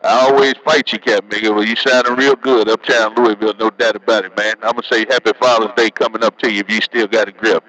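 A man's voice: lowish voice, flat delivery, fast, hardly any pauses, a bit bright, rough recording. A man bantering over CB radio, teasing and joking, tagging his lines with "man". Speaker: CB radio operator. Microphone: CB radio handset.

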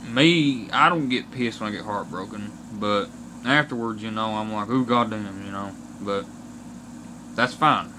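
A man's voice: on the low side, background noise. A young man from Kentucky with an Appalachian accent, ranting bluntly to camera and swearing often. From Kentucky, USA. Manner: aggrieved, blunt, swears often, slow and deliberate. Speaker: vlogger.

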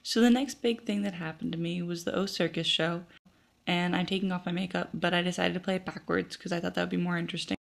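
A woman's voice: on the low side, steady tone, fast, vocal fry. A young woman, a college student, chatting in a rambling, self-mocking way as she records a casual video letter to a friend from her dorm room. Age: young adult.

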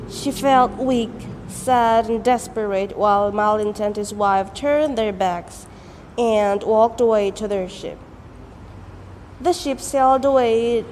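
Student girl telling a folk legend in american-style english, slow and clear, echoey hall. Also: a little high, darkish tone. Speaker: student storyteller. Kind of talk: folktale storytelling performance. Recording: echoey hall, faint noise.

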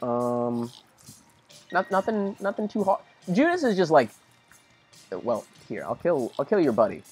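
Young man, husky voice, lively pitch, laid-back game commentary, faint music behind. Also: measured pace, long pauses. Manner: rambling, easygoing, talks to his dog. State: tired. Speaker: let's play commentator. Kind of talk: casual gameplay commentary.

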